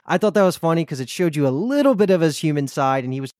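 A man co-hosting a podcast in casual chat, animated and recapping with lots of "like". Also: fairly high pitch, fast, no room sound, clean studio sound. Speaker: podcast co-host.

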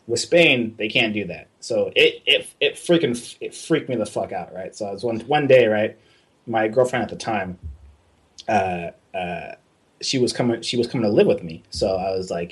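A young man with a lowish, slightly breathy voice talks at a moderate pace. He's an artist casually recounting his time working abroad, animated and swearing freely as he acts out the quoted dialogue.

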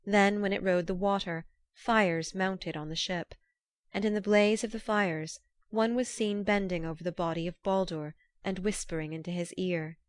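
A woman narrating an old myth in a measured, formal storytelling manner. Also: medium pitch, steady tone, clear, resonant tone, no echo.

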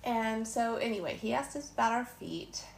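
A woman's voice: a little high, normal speed, gravelly. A woman telling a travel story in casual, chatty talk, laughing now and then and quoting others in passing. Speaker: vlogger. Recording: faint background noise.

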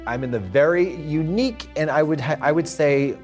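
A man's voice: fairly high pitch, moderate pace, a little mellow, soft background music. A man co-hosting a comedic chat show, theatrical and sarcastic. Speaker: co-host.

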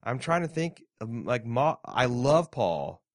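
A man's voice: medium pitch, sing-song, takes it slowly, no echo, studio quality. Man joking through a TV show chat. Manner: jokey, reads listener mail aloud. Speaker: podcast co-host. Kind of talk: casual chat.

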